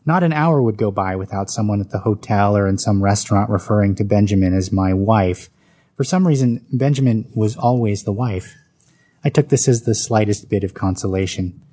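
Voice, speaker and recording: A man's voice: lowish voice, normal speed, mellow, breathy edge. A man reading his own autobiographical story aloud, with dry comic timing.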